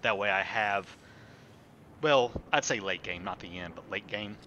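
A man's voice: fairly low pitch, unhurried, pushed and bright, a little hiss or hum. A man streaming a city-building game, thinking aloud in a rambling casual way and chatting with viewers as he plays. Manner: thinks aloud, rambling with fillers and self-corrections; chats with viewers while playing. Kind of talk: casual live-stream commentary.

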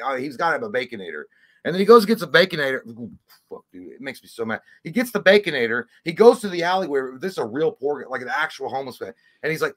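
A man's voice: a little high, fast. A man co-hosting a casual movie podcast, swearing freely and ranting with mocking impressions. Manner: profane, animated rants with mocking put-on voices. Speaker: podcast co-host. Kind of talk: casual chat.

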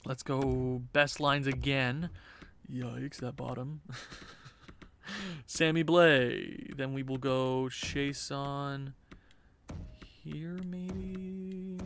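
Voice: mid-range voice, fairly even intonation, very slow, long pauses, a little hiss or hum. A gaming channel host giving casual, chatty gameplay commentary and laughing at their own jokes.

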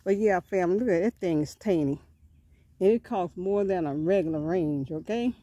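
A woman's voice: lowish voice, moderate pace, mellow, dull audio. A woman, out of breath, chatting casually to her viewers as a vlogger outdoors and often calling them family. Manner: chatty, folksy, often repeats words and addresses viewers as family. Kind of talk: casual vlog talk to viewers. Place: outdoors on rural property.

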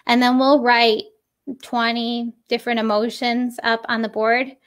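A woman's voice: on the high side, little pitch movement, clear, resonant tone. Explanatory puppeteer woman. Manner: explanatory, demonstrates with quick voices. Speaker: puppeteer and teacher. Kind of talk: casual interview talk.

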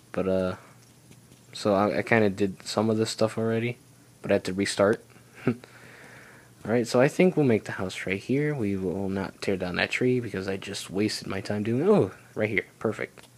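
This young gaming channel host speaks at a normal speed in a voice on the low side. Playing a video game, he keeps up a rambling, chatty stream of self-talk typical of a casual let's play.

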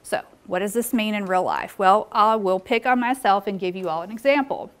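A woman's voice: medium pitch, expressive, moderate pace, clean tone. A woman presenting a live workshop in a meeting room, engaging the audience with questions.

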